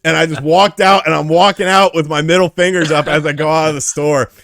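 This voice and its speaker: A man hosting a casual interview, telling stories in an animated, profane way. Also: on the high side, fairly quick, no echo, studio quality. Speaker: host.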